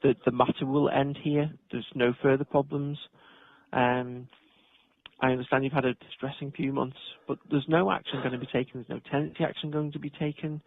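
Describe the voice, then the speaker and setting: Man, housing officer, gravelly husky voice, measured and hesitant, tinny dry phone line. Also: medium pitch, flat delivery. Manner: measured, hesitant, procedural, with many ums and restarts. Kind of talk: phone call with a tenant.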